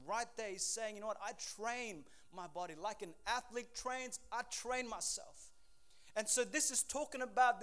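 A man preaching a sermon, energetic and conversational, with call-and-response asides to the congregation. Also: high-pitched. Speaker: pastor.

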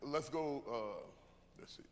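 A man preaching a sermon to his church, joking with the congregation and rising into shouts. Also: mid-range voice, slow pace. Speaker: pastor. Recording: echoey church hall with loud room noise.

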